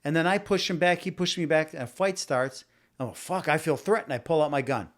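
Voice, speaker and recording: A man's voice: fairly high pitch, fairly quick. A man hosting a podcast, talking in a rambling, argumentative monologue that stumbles and repeats words as he addresses live viewers. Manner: talks directly to live viewers. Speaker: podcast host. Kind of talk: casual opinion monologue.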